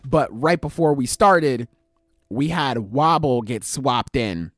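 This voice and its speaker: A man's voice: mid-range voice, slow pace, dry recording, clean studio sound. A man hosting a podcast, animatedly retelling a comic's plot in casual, slangy talk full of swearing. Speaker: podcast host. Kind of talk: casual chat, retelling manga chapters.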